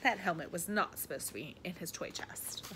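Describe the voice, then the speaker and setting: A woman reading a children's picture book aloud in an animated way, with soft whispered asides to young listeners. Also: lowish voice, moderate pace, a little hiss or hum. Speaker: read-aloud storyteller.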